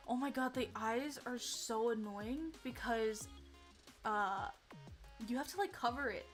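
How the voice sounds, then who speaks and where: A young woman streaming casually, excitable and giggly, with lots of fillers and restarts. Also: on the high side, unhurried, faint music behind. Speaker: VTuber streamer. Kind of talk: casual livestream chat.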